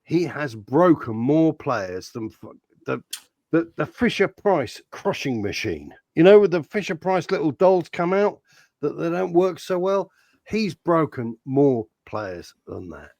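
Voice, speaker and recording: A man's voice: on the high side, very animated, a little slow, gravelly, darkish tone, no echo. A man hosting a casual football podcast, ranting with mock outrage and plenty of swearing. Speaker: podcast host.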